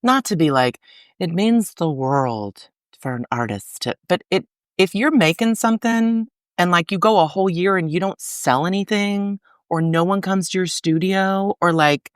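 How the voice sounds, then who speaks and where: A middle-aged woman talking as a podcast guest about her arts organization, in a chatty, animated way full of fillers. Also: fairly low pitch, normal speed, clean tone, dry recording, studio quality. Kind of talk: casual interview conversation.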